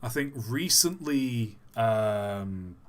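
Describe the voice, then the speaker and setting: A man with a middle-pitched voice answers viewer questions in a relaxed live-stream chat. He thinks aloud, pausing and repeating himself as he searches for answers. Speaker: livestream host.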